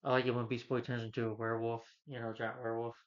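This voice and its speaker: A man's voice: medium pitch, level tone, fast. A man recapping a movie plot in a casual, rambling way, with many fillers. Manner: rambling, frequent "you know" fillers. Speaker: movie reviewer. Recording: dull lo-fi recording.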